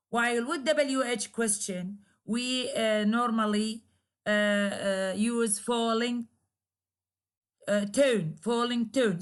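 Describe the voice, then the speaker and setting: Woman teacher, arabic first language, slow and careful with lots of uh's, kinda high voice. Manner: slow, careful explaining with frequent hesitations. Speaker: university lecturer. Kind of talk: recorded grammar lecture.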